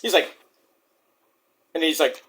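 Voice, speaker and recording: Young man, higher voice, animated delivery, casual profane chat. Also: takes it slowly, husky. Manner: loose and profane, does voices of wrestlers. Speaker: wrestling predictions vlogger.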